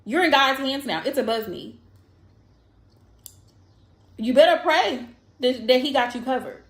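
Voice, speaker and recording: Emphatic high-voiced woman, echoey room. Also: lively intonation, unhurried, a bit bright. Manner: blunt, emphatic, repeats lines for effect. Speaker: tarot reader. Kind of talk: casual advice monologue.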